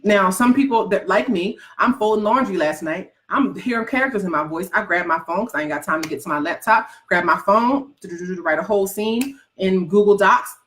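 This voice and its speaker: Brief: woman coach, animated and teasing, preachy motivational talk with loud rhetorical questions. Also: mid-range voice, brisk, few pauses. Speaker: writing and goals coach.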